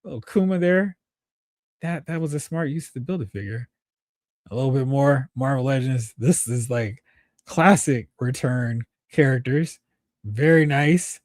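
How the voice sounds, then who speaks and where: A man's voice: medium pitch, a little slow, a little mellow, dry recording, studio quality. A man hosting a toy collecting livestream, chatting casually and enthusiastically with viewers as he goes through their photos. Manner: enthusiastic, rambling, talks to chat viewers. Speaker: toy collecting show host.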